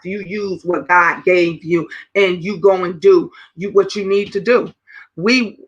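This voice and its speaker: A woman in her fifties hosting a casual livestream chat, animated and talking straight to her viewers. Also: mid-range voice, poor audio. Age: 50s. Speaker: livestream host.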